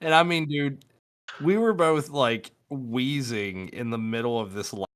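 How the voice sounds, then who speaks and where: A man co-hosting a podcast, talking loudly and excitably in casual chat, swearing freely. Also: medium pitch, a little slow. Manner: loud, swears a lot, excitable. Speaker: podcast co-host.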